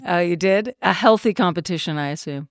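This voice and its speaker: A woman's voice: fairly low pitch, fairly quick, dry recording, studio quality. A woman in her fifties hosts a podcast interview, speaking with enthusiasm, laughing easily and using many fillers. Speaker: podcast host.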